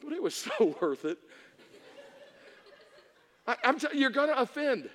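A man preaching a humorous sermon to a congregation, telling stories in an animated way that swings from hushed to shouting. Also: very high voice, measured pace. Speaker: pastor. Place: church hall before an audience. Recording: reverberant hall.

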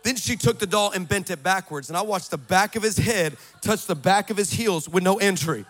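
Preacher guy, high bright voice, super animated, jokes around then yells it out. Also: a little fast. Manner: animated storytelling with comic asides, rising to shouted exhortation. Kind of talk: sermon.

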